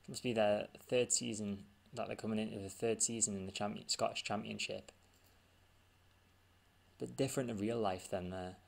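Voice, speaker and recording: A man's voice: lowish voice, fairly even intonation, moderate pace, creaky. A man giving casual gameplay commentary, thinking aloud and muttering as he reads results off the screen. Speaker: gaming channel host.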